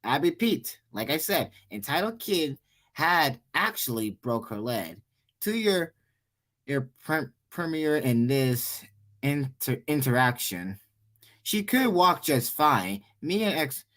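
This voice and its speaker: A man's voice: fairly high pitch, a bit bright. Stumbling young man reading aloud. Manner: stumbling, frequent restarts and self-corrections. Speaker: story reader. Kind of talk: reading a Reddit story aloud.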